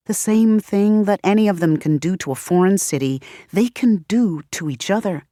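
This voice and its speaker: Expressive woman audiobook narrator. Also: fairly low pitch, dry recording, clean studio sound. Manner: expressive, varied delivery. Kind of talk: scripted narration.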